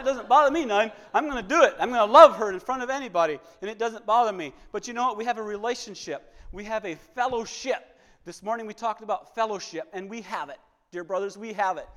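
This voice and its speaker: A man preaching in a church, his voice pitched high for a man and trailing a long reverb through the hall. His delivery is emotional and full of repeated phrases, rising loud and then dropping to a near hush. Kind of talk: sermon.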